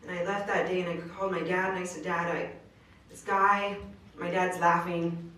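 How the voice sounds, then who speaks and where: A woman's voice: lowish voice, flat delivery, normal speed, fairly bright tone. A woman giving an earnest inspirational speech at a live venue, telling her story in casual slang. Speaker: motivational speaker. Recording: roomy distant live recording.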